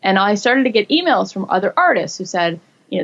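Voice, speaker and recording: Animated woman storyteller with gravelly edge. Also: moderate pace, dull audio. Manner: animated, acts out quotes with rising pitch. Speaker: guest. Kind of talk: casual storytelling interview.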